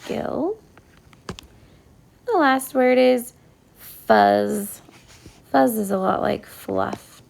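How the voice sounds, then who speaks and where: A woman's voice: a little high, gravelly, darkish tone, a little hiss or hum. A woman teacher giving a recorded phonics lesson to young pupils, patient and sounding out each word. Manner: slow, patient, sounding out words. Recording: iPad whiteboard voice recording.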